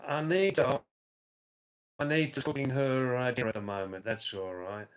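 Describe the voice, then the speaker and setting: A man hosting a live stream, reading out viewers' chat comments and answering them in a slow, rambling way with dry teasing asides. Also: mid-range voice. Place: Nepal or India.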